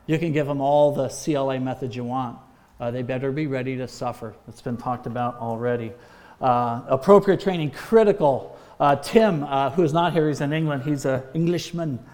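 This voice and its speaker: A man's voice: a little high, a little mellow. A man, a former missions pastor, giving an emphatic training talk full of exhortation and frequent "uh"s.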